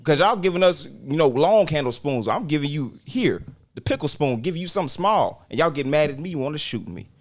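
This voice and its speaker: A man's voice: fairly high pitch, big pitch swings, a little fast. A man co-hosting a casual discussion, speaking with passionate, preacher-like emphasis. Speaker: podcast co-host.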